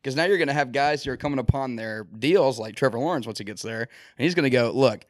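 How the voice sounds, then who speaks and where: A man's voice: mid-range voice, quick pace, no room sound, clean studio sound. A man co-hosting a casual sports podcast, spinning long hypotheticals and acting out quotes. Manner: rambling hypotheticals, acts out quotes. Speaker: podcast co-host.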